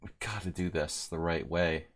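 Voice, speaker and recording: A middle-aged man with a low, deep voice, live-streaming a game and talking through his moves as he goes. His delivery is chatty and wry, and he breaks off to banter with his viewers in a relaxed, joking way. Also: moderate pace. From United States. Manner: chatty and joking, answering chat mid-game. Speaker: chess streamer. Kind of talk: live-streamed game commentary, thinking aloud.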